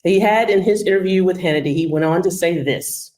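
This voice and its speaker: Texan woman doctor hosting, sarcastic and emphatic, low voice. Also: fairly quick, darkish tone, poor audio. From Texas. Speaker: co-host, doctor. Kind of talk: hosting a commentary segment.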